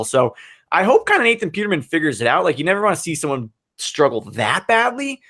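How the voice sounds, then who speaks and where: A man co-hosting a casual sports podcast, talking football in an excitable, animated way and laughing often. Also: on the high side, brisk, slightly rough.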